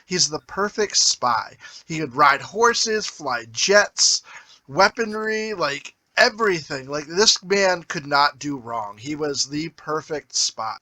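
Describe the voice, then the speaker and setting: A man on a movie podcast enthusiastically lists facts and praise for a film. His voice is fairly high, bright and lively, recorded dry and close. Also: takes it slowly, no room sound. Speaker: podcast co-host. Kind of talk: casual movie review chat.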